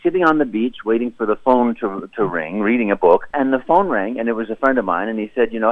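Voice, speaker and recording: A middle-aged man, a voice actor, chatting in a radio interview. His low voice swings up and down with lively enthusiasm. He sounds dry and thin, like a phone call. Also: fast talker, few pauses, no echo. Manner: animated, enthusiastic storyteller who slips into voices. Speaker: voice actor, guest. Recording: dry, tinny phone line.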